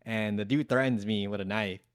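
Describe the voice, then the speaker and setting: A man's voice: fairly low pitch, fairly even intonation, fairly quick, dry recording, studio quality. A young man telling a rambling, profane story in casual chat as a podcast guest, acting out what others said. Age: young adult. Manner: rambling, swears freely, acts out quotes.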